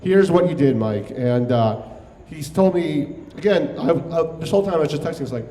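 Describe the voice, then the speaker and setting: A man's voice: fairly high pitch, lively intonation, normal speed, warm tone. A young man from New York telling a wry, conversational story on stage, swearing freely. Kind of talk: live comedic storytelling. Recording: echoey hall recording.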